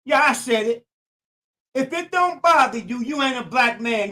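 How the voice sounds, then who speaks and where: A man's voice: very high-pitched, lively intonation, a little slow, pushed and bright. Older man preaching in AAVE. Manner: preachy, repetitive, emphatic. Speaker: YouTube channel host. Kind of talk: streetwise commentary monologue.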